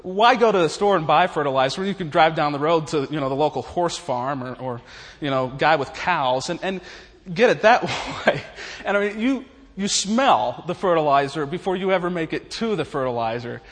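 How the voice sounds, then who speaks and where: A man's voice: on the high side, lively intonation, moderate pace. A man preaching in a humorous, folksy way, chuckling his way through stories. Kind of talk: humorous storytelling sermon. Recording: long reverb of a large hall.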